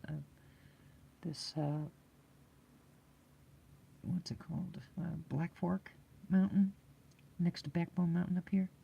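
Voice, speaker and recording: A woman's voice: low voice, vocal fry, husky, lo-fi sound. A woman telling a rambling story in casual chat, full of fillers and restarts and often laughing. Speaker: live chat host.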